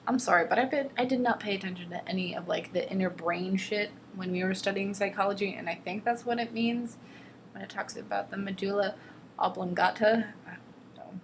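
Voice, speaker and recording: A little fast and steady in tone, this young woman's mid-range voice carries her mocking take on a book she's reading aloud to camera. She sighs at the writing and hams up the passages with exaggerated drama. Faint hiss sits under the recording.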